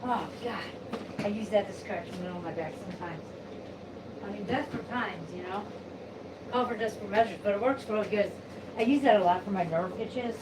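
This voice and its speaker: A woman's voice: mid-range voice, fairly quick. Chatty woman venting at home, noisy background. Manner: chatty, swearing, venting, doing chores while talking. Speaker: vlogger. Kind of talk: casual rambling monologue. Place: at home, sweeping.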